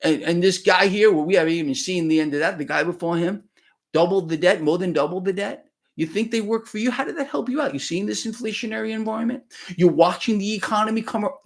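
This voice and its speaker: A man hosting a live stream, talking emphatically and preachily and often checking in with "okay?". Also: high-pitched. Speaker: livestream host. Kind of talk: casual live-stream talk.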